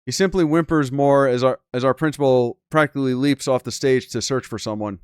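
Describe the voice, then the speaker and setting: A man's voice: medium pitch, fairly quick, clean tone, no room sound, studio quality. A man hosting a gaming channel, reading a game's story aloud with casual, crude commentary and disbelieving asides.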